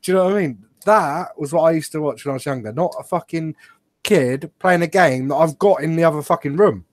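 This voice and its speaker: Cursing and teasing his mates, a young British man co-hosts a casual podcast chat. He talks briskly in a voice on the high side, recorded with no room sound.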